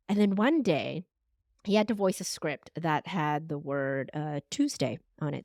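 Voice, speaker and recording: A woman in her forties who works as a podcast strategist and voice coach is a guest in a conversational interview, her voice on the low side at a moderate pace. She tells stories animatedly and acts out voices, in studio-quality sound with no echo.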